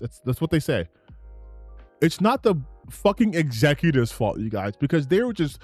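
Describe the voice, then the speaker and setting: A man's voice: fairly high pitch, very animated, normal speed, no room sound, soft background music. A man giving heated, profane reaction commentary on gaming news, ranting and repeating himself for emphasis.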